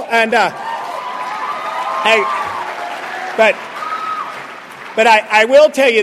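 High-voiced joking man in an echoey hall. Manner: joking, animated storyteller. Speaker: speaker at a recovery meeting. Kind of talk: humorous recovery talk to a live audience. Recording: echoey hall with faint crowd laughter.

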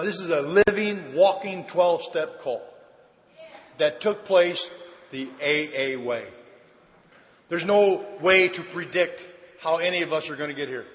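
A man giving a personal recovery testimony at a meeting, telling his story lively and acting out the dialogue. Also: fairly high pitch. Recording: echoey hall.

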